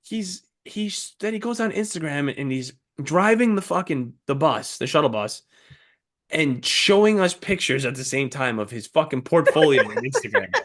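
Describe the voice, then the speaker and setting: A man co-hosting a podcast, telling a profane, animated story in casual chat and acting out the people in it. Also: fairly high pitch, moderate pace. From New York. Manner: animated, profane, acts out voices in anecdotes. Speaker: podcast co-host.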